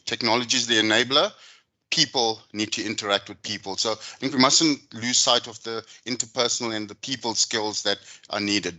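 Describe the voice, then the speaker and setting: Bright, earnest man on a panel. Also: mid-range voice. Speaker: panelist, HR leader. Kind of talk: panel discussion.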